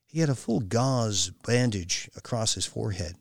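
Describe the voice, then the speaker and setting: A man reading an audiobook in a measured, even storytelling manner. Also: on the low side, gravelly, no room sound, clean studio sound. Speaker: audiobook narrator. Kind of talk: scripted narration.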